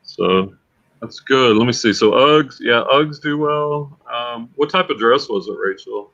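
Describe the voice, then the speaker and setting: A man's voice: mid-range voice, measured pace, fairly bright tone. A man hosting a casual livestream, chatty and repeating words as he thinks aloud. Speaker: livestream host and reseller. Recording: slightly dull lo-fi sound.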